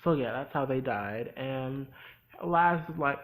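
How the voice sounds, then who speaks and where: Chatty, bright-voiced young man recapping TV. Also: medium pitch, measured pace, a little hiss or hum, poor audio. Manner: chatty, sassy asides. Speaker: host. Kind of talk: casual TV episode recap.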